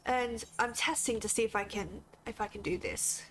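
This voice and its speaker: A woman's voice: on the high side, lively intonation, normal speed, a bit bright, slight background noise. A woman from Australia chatting casually on a gaming stream, tired and sick, chatty and self-deprecating.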